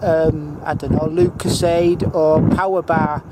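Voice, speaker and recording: A man with a fairly high Northern English voice talks a viewer around his hometown, halting often with filler sounds. Wind buffets the microphone over steady outdoor noise. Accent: Northern English, Cumbrian. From England. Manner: hesitant, heavy with filler sounds, explaining simply for foreign viewers. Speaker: amateur video tour guide. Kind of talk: casual walking-tour narration. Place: outdoors by a river.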